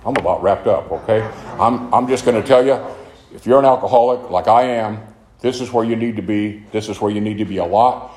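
An older man gives personal testimony at a recovery meeting in a club's meeting room, earnest and rambling as he tells his own story. His voice is lowish with a darkish tone and a fairly quick pace, recorded in an echoey room with faint noise.

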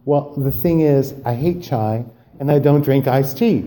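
A man sharing his own story at a recovery meeting, animated and acting out dialogue, then growing quiet and subdued on serious parts. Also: mid-range voice, measured pace, a little hiss or hum. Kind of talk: personal recovery share.

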